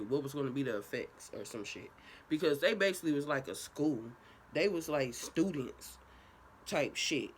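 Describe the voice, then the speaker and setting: A young woman vlogger telling a casual, profane story time in an animated way. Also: sits low, slight background noise.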